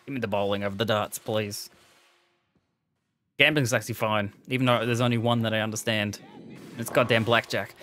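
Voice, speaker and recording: A streamer giving excitable, swearing livestream commentary, talking back to game figures. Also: mid-range voice, a little fast, long pauses, dry recording, soft background music.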